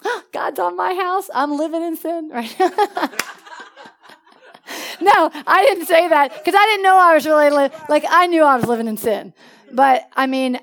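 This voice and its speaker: A woman minister telling a personal testimony in church, storytelling with acted-out dialogue and frequent laughter. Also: a little high. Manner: lively storytelling, acts out dialogue, laughs often. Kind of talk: testimony sermon.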